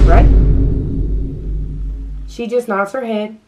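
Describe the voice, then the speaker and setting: A young adult woman vlogger telling a casual storytime, animated and acting out the dialogue. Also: medium pitch, a little fast, far from the mic, loud music behind the voice.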